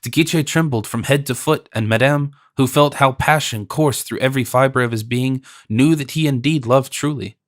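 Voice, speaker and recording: A man reads a classic novel in a steady, formal storytelling style. His voice sits in a middling register, and the recording is dry and close, with no room sound. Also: mid-range voice, moderate pace, few pauses, no room sound. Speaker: audiobook narrator. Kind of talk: scripted narration.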